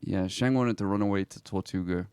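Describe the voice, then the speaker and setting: Streaming a roleplay game, a deep-voiced man reads in-game messages aloud at a slow pace and reacts quietly and reflectively, sighing between lines. His tone is clean, with no room sound in the recording.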